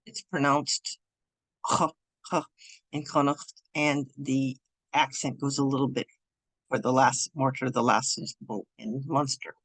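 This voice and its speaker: A woman teaching an online beginners' language lesson over Zoom while sharing her screen, speaking in a loose, halting way with frequent restarts. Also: rumbling low, little pitch movement, a bit bright, breathy edge, dry recording. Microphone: computer mic over Zoom.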